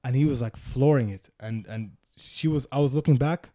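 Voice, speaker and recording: A young man telling a wild story in casual podcast chat, animated, swearing and restarting often. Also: mid-range voice, normal speed, no echo, clean studio sound.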